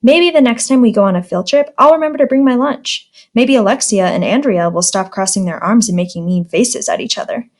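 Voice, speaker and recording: A woman's voice: fairly high pitch, a little fast, few pauses, darkish tone. A woman teacher reading a children's storybook aloud in a friendly, plain manner.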